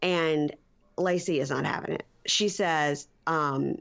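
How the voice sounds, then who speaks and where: A low-pitched woman tells a reality-show story in a casual podcast chat. She jumps into high, loud voices when she quotes people. The audio sounds a little dull and lo-fi. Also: steady tone, slow pace, vocal fry. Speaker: podcast co-host.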